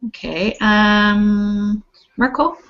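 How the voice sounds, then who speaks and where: A woman's voice: medium pitch, a bit bright, highs cut off. Patient woman teaching pronunciation. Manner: patient, models words slowly and clearly. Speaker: English teacher. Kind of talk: online pronunciation lesson.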